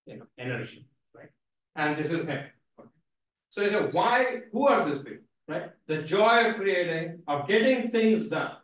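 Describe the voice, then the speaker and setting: A man giving an animated, playful seminar lecture, emphatic and full of repeated "right?" tags. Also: a little high. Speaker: guest speaker. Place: lecture hall. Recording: echoey hall from a distance.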